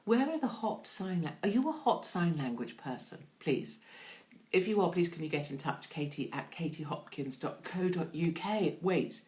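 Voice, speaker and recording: A woman hosting her own online show in a casual live-stream chat, answering viewer questions in an irreverent, chatty way with free swearing and big jumps in pitch when she reads questions aloud. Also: expressive, normal speed, darkish tone.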